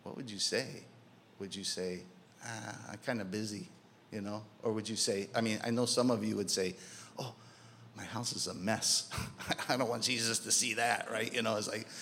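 A man's voice: lowish voice, fairly even intonation, moderate pace, pushed and bright, slight background noise. A man preaching a sermon in a conversational way, asking rhetorical questions and acting out quotes. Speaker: pastor.

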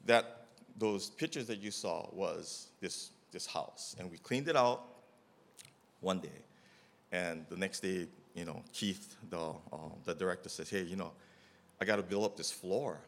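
A man's voice: deep voice, unhurried, a bit bright. A middle-aged man telling a casual testimony about volunteer work, rambling with many fillers and acting out the dialogue as he goes. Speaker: mission trip volunteer giving a testimony.

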